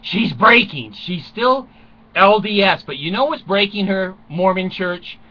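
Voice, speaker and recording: A man's voice: high-pitched, animated, a little slow, highs cut off. An older man rambling through a crude, self-mocking comic monologue from a small closet at home, chuckling often. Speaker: vlogger.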